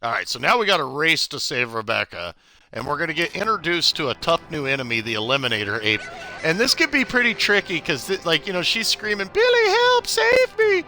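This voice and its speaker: Bright, upbeat male game streamer. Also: on the high side, big pitch swings, fast talker, no room sound. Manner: chatty, upbeat, greets viewers by name. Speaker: gaming livestreamer. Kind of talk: casual live gameplay commentary.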